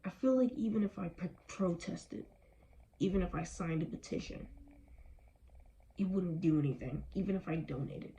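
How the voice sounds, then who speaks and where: A woman's voice: lowish voice, normal speed, long pauses, warm tone, a little hiss or hum, low-quality recording. A young adult woman vlogging with anger and weariness, speaking emphatically with strong language. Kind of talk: impassioned personal vlog.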